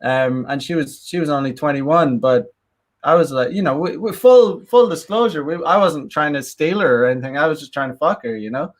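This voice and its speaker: A man with a slightly high voice chats casually as a podcast host. He halts and restarts often, telling a story in an easy, loose way. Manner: halting, many fillers and restarts. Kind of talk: casual chat.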